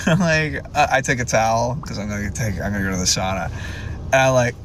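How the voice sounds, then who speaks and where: A man's voice: mid-range voice, lively intonation, fast talker, fairly bright tone, slight background noise. A man in his twenties telling a rambling, awkward storytime monologue, with a self-deprecating manner. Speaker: TikToker.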